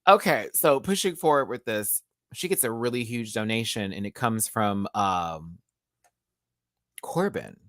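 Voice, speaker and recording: A Southern American woman reviews a TV episode live from a home setup with a ring light, chatting and laughing often. Her bass voice is animated and unhurried, recorded in studio quality with no echo.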